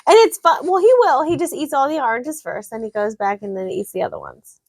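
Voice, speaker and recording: A woman in her thirties co-hosting a podcast in easygoing casual chat, agreeing and explaining with lots of "like." Her voice sits a little high for a woman, and the recording is dry and close. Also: sing-song, a little fast, breathy edge, no echo. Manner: agreeable, explaining, frequent "like" and "yeah". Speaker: podcast co-host.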